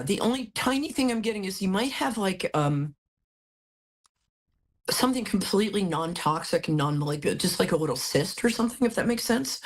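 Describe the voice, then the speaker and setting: Husky-voiced woman psychic host. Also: on the low side. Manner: chatty, affectionate, rambling. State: a little out of it after hospital. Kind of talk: live call-in tarot reading.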